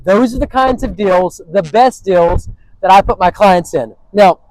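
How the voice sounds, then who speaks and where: High-voiced upbeat man hosting. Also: measured pace, a little mellow, no room sound, rough recording. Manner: upbeat salesy, repeats phrases. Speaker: host and real estate agent. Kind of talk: interview and property walkthrough.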